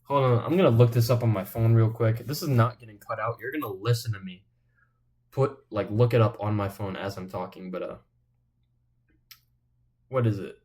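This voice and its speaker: A man's voice: fairly low pitch, fairly even intonation, normal speed, long pauses, a little mellow. A man giving rambling, profane, joking commentary as a channel host. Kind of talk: casual comedic commentary.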